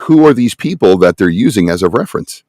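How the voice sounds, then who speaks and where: A man's voice: lowish voice, very animated, fast, a little mellow, dry recording. A man on a conference panel who casts voices for games, talking emphatically and checking in with the audience. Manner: emphatic, conversational, tags points with "right?". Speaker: conference panelist, game casting producer. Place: conference room.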